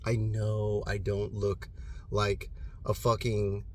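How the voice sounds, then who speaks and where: A man in his thirties giving an impassioned, profane motivational monologue alone in his room, swinging between loud bursts and hushed intensity. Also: on the low side, completely flat delivery, takes it slowly. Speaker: motivational vlogger.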